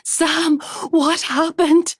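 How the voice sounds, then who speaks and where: A woman voicing a frantic wife who pleads with and shouts at an unconscious man. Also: mid-range voice, normal speed, no echo, clean studio sound, lightly acted. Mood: panicked. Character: frantic woman finding her hurt husband.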